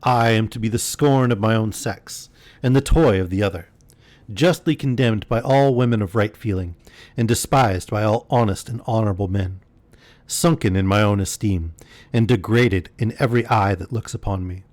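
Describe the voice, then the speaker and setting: A man's voice: on the low side, moderate pace, darkish tone, no echo, lightly acted. A man reading aloud and voicing a proud young woman in distress, earnest and pleading. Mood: indignant.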